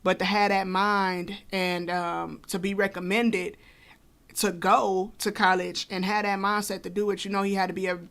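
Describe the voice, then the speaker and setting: A woman's voice: mid-range voice, flat delivery, moderate pace, fairly bright tone. A woman co-hosting a podcast, telling a personal story casually with many fillers and asides. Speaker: podcast co-host.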